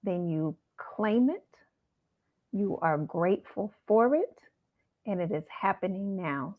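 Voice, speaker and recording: A middle-aged woman hosting a livestream talk, telling stories and reading out a mantra slowly. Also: medium pitch, animated. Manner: storytelling, slow deliberate mantra reading. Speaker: host. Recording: tinny phone-like line.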